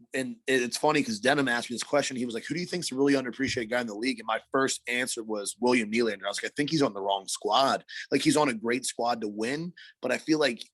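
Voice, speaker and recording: A man co-hosting a hockey podcast in casual chat, slightly raspy from allergies, talking loosely with lots of filler and slang. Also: mid-range voice, no echo. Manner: loose, rambling, heavy filler words and slang. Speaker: podcast co-host.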